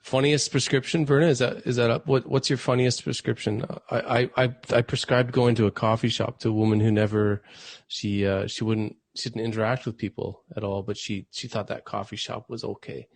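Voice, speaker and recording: A man's voice: medium pitch, level tone, a little fast, vocal fry, no room sound. A man hosting a casual podcast conversation, an easygoing interviewer who prompts his guest with questions. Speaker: podcast host, naturopathic doctor.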